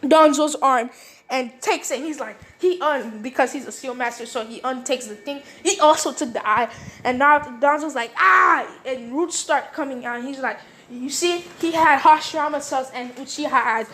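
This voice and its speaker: A woman's voice: high voice, normal speed, fairly bright tone. A woman casually retelling a fan-made story off the cuff, rambling with many fillers and briefly acting out the characters' lines.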